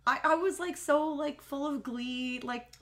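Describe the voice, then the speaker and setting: A woman's voice: high voice, unhurried, a bit bright. A young woman hosting a podcast, telling a long story in casual chat with lots of fillers. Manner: rambling storytelling with many fillers.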